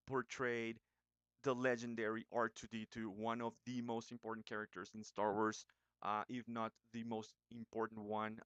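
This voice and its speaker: A young man who reviews movie trailers in a casual vlog, talking in an excited, chatty way with many fillers and restarts. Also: mid-range voice, clear, resonant tone, dry recording.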